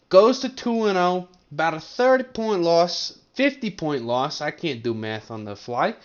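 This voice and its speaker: A man's voice: fairly high pitch, very animated, measured pace, hardly any pauses, dull audio. A young man from Colorado hosting a casual fantasy league recap to camera, rambling and teasing his friends. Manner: rambling, joking, teasing banter. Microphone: webcam setup at a desk.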